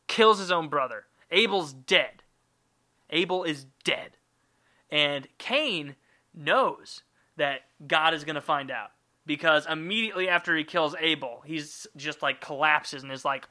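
A man telling a story on a comedy podcast, swearing freely and rambling in an irreverent way. His voice is very bright and forceful, pitched a little higher than most men's. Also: unhurried. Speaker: podcast host.

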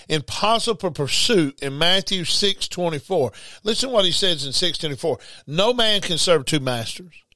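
A man's voice: high-pitched, sharp tone, no echo. A man preaching a sermon, emphatic and repetitive, reading scripture aloud. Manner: emphatic, repeats words, reads scripture aloud.

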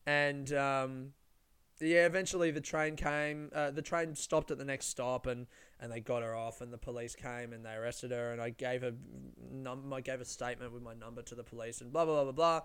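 A man's voice: medium pitch, moderate pace, a bit bright, clear, resonant tone. A young man telling a story in a rambling way, swearing often. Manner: rambling, lots of swearing and fillers. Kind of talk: casual storytelling.

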